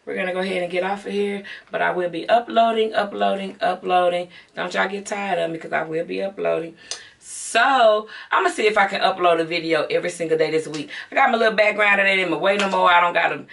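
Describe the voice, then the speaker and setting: Middle-aged Southern woman beauty vlogger, low gravelly voice, mic set a bit away, chatty and casual. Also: fast, fairly bright tone, far from the mic. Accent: Southern American. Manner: chatty, talks straight to viewers as y'all. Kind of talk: casual haul vlog to camera.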